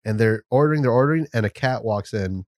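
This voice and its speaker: Podcast host, male, mid-pitched, rambling and giggly, close dry mic. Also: quick pace, darkish tone, dry recording. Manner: laughing, rambling storyteller. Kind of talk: casual chat.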